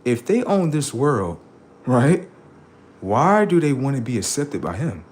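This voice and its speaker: A livestream host addresses his chat in a rambling, preachy monologue thick with profanity and street slang, swinging from low mutters to high outbursts. He is very animated yet unhurried, with a darkish tone and a breathy edge.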